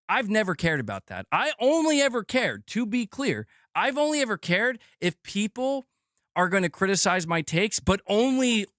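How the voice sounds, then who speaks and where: A young adult man streaming about games, venting in a profane, animated way and acting out mock quotes of his critics. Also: sits high, no echo, studio quality. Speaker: gaming streamer. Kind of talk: casual livestream rant.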